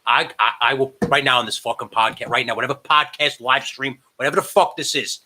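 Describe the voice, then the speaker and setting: A man on a podcast, recorded remotely from home, in loose casual chat. His voice is sharp and bright, and he talks in an animated, profane way. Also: medium pitch, a little fast, few pauses. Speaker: podcast co-host.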